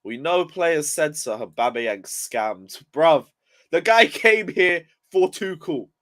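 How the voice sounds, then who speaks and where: A man's voice: a little high, lively intonation, takes it slowly, a bit bright. A young man ranting on a casual football live stream, just woken up and yawning, swearing in frustration as he reads chat aloud. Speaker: football livestreamer.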